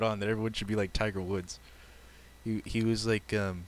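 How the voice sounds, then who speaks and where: A young man streaming, telling a story casually and haltingly, often breaking into giggles. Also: fairly low pitch, little pitch movement. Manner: giggly, halting, lots of fillers.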